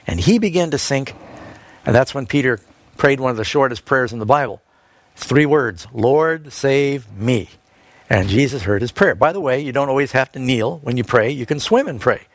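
A man preaching a sermon, telling a Bible story in a lively way with quick asides and scripture quotes. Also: medium pitch, no room sound.

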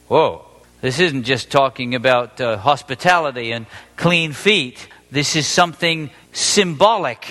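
Animated male preacher in a reverberant hall. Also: on the high side. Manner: animated, questioning the audience, acting out quotes. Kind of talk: sermon.

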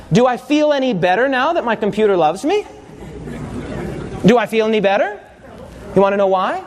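High-voiced male preacher telling stories. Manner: animated storytelling, asks the congregation questions. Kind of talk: sermon with personal stories.

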